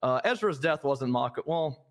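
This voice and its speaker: A man's voice: medium pitch, animated, unhurried, natural voice. A man voicing a cocky, glib young police recruit in a live role-play, rambling with fillers and restarts. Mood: smug. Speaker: streamer playing a police recruit.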